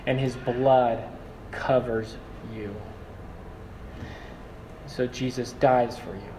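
A young man preaching a sermon as a pastor, animated and acting out quoted voices. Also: medium pitch, very slow, a little hiss or hum. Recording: echoey hall, mic far off.

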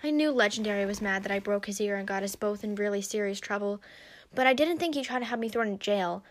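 A woman's voice: medium pitch, fast talker, close to an everyday voice. Topaz, a woman reading as a fierce young she-dragon. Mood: angry. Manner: snappish and defiant. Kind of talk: storybook reading.

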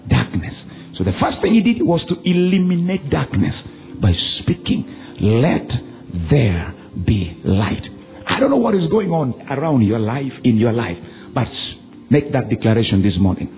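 Man preaching with commands to the congregation. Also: very animated. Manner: commanding call-and-response preaching, swinging between shouts and low drawn-out lines. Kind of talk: sermon. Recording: tinny phone-like recording with faint music.

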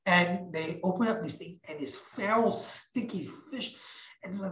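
A woman teacher telling a religious parable in an animated, emphatic way, often repeating phrases. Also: lowish voice, a little slow. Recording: echoey, muffled recording.

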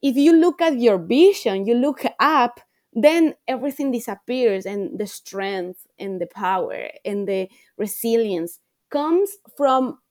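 A woman's voice: medium pitch, a little mellow, no room sound, clean studio sound. A woman coach speaking as a podcast guest, earnest and reflective, repeating phrases for emphasis. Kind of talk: podcast interview.

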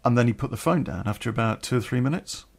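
A man's voice: mid-range voice, animated, fast, creaky. A middle-aged man telling a personal story on a podcast, candid and rambling, swearing freely.

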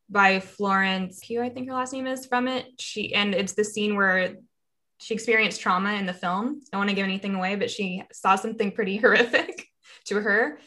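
A woman with a bright, forward voice in a casual conversation. She affirms what she hears and answers with open enthusiasm. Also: mid-range voice. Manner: warm, affirming listener, enthusiastic.

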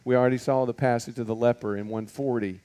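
Man, Bible teacher, relaxed warm tone, chatty, rhetorical questions, frequent ums and uhs. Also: mid-range voice, fast talker. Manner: conversational, full of rhetorical questions and fillers. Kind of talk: casual Bible teaching to a group.

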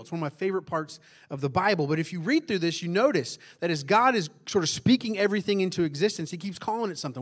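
A male pastor, preaching in a loud, conversational way that keeps asking the congregation questions and drops into hushed tones for emphasis. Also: on the high side. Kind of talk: conversational sermon.

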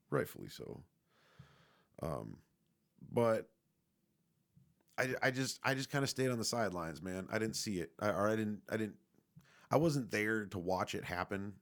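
A young man casually telling a rambling personal story, laid-back and swearing often. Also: low-pitched.

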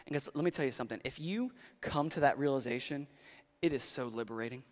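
A male pastor preaching a sermon in a conversational, animated storytelling way, swinging from loud to quiet. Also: on the high side. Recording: long hall reverb.

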